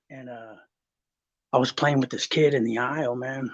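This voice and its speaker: A Texan guest on a casual podcast talks in a steady, mid-range voice at a measured pace, the recording slightly muffled. He rambles through stories, swearing a lot and restarting his sentences often.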